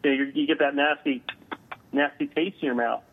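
A man, a guest on an interview, telling a story over the phone, halting with many filler sounds. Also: mid-range voice, fairly even intonation. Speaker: guest paranormal investigator. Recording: tinny phone line.

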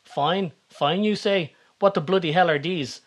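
A man's voice: fairly high pitch, a little fast, natural voice. A man voicing a fussy, pompous gallery director who fires off clipped, indignant questions in a read-aloud story.

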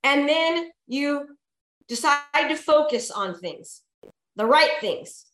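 A woman's voice: sits high, animated, slow pace, fairly bright tone. A woman giving a motivational talk to a live audience, emphatic and repetitive as she coaxes the crowd. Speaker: motivational speaker. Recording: echoey room.

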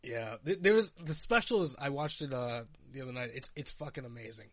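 A man's voice: mid-range voice, animated, fairly quick, a bit bright, dry recording. A man co-hosting a podcast in casual chat, talking loosely with lots of filler words and swearing. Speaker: podcast co-host.

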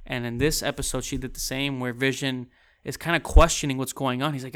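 A man's voice: mid-range voice, fairly even intonation, a little fast, fairly bright tone, smooth. A man casually recapping and reviewing a TV episode, rambling with frequent restarts and fillers. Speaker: TV show reviewer.

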